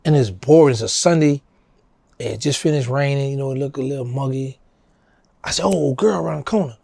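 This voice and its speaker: A man's voice: mid-range voice, a little fast, creaky, warm tone, no room sound. A middle-aged man with a New Orleans accent tells a story in a casual interview, acting out the people he quotes in a raised voice. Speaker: interview guest.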